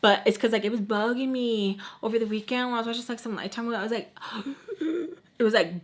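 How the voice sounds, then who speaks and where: A woman's voice: on the high side, fairly even intonation, very fast. A young woman telling a storytime on her vlog, chatty and full of "like", dropping in Spanish phrases and acting out the people in her story. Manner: acts out quoted people with voice changes. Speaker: storytime vlogger. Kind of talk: casual storytime chat.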